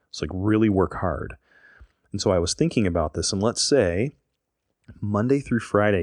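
A man in a casual podcast chat, easygoing and thinking out loud. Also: deep voice, no echo, studio quality. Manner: chatty, easygoing, thinks aloud.

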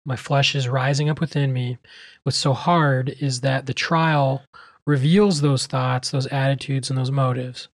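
A man's voice: medium pitch, steady tone, unhurried, no echo, studio quality. A man co-hosting a podcast, speaking earnestly and personally about his own struggles. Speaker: podcast co-host and teacher. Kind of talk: reflective podcast discussion.

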